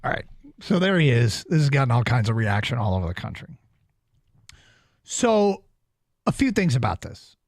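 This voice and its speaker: A medium-pitched man with big pitch swings runs a studio sports talk radio show, fielding callers and driving home his arguments by repeating key phrases. The recording is dry.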